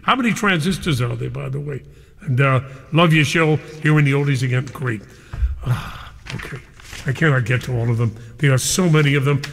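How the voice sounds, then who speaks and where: An older man hosting a live radio show, effusive and excited, reading out listener emails and chatting with callers. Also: medium pitch, a little fast, vocal fry, in a large hall. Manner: exuberant, effusive, reads listener emails aloud. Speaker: radio DJ host.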